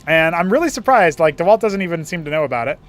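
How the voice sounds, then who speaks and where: A young esports caster with a fairly high, sing-song voice runs solo play-by-play on a strategy match while music plays faintly behind him. He keeps things chatty and playful, slipping in quick asides and laughing at his own jokes.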